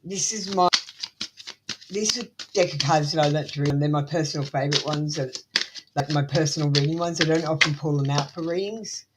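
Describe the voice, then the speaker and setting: A woman's voice: low-pitched, fairly quick, very noisy. A middle-aged woman with an Australian accent doing a live tarot reading, blunt, motherly and swearing freely. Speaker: tarot reader.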